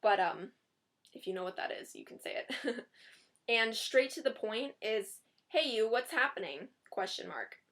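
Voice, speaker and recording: A woman's voice: a little high, expressive, moderate pace, a bit bright. A young woman giving dating advice in a casual, chatty vlog, often giggling and reading out sample text messages.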